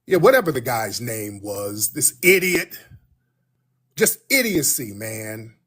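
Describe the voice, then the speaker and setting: Male livestream host, husky, blunt and mocking. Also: medium pitch, big pitch swings, slow pace, a bit bright. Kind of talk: casual livestream talk.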